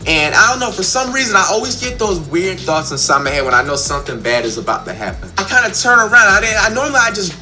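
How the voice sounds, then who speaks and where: A man's voice: high-pitched, sing-song, quick pace, hardly any pauses, sharp tone, soft background music. A young man telling a story from his school days in a casual, rambling, slangy way, acting out the quotes. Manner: rambling, slangy, with lots of restarts and acted-out quotes.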